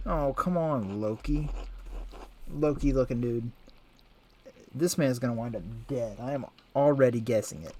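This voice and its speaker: A man's voice: mid-range voice, normal speed, a little mellow, a little hiss or hum. A man giving joking, casual commentary while playing and reading a story game. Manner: joking, teasing. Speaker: gameplay video host. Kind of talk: casual let's play commentary.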